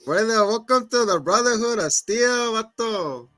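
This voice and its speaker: A swaggering Chicano gang member with a high voice, sounding tough and laying on the slang, as a man puts him on. His delivery is close and dry. He teases a new recruit, all bravado. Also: animated, unhurried, a bit bright, dry recording. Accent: put-on Mexican-American.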